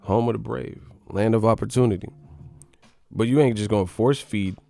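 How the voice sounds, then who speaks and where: A man's voice: on the low side, steady tone, moderate pace, vocal fry, mellow, dry recording. A man doing a profane, mocking casual rant about boxing as the show's commentator. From United States.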